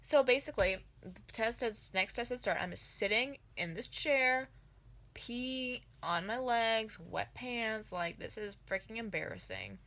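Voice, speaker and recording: A woman telling an embarrassing story in a casual storytime vlog, rambling with lots of filler words. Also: medium pitch. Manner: rambling, filler-heavy, animated retelling.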